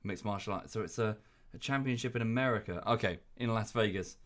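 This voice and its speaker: A British man chatting casually while he streams a game, rambling with lots of fillers and jumping into high, exaggerated voices when he quotes people. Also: brisk, fairly bright tone. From United Kingdom.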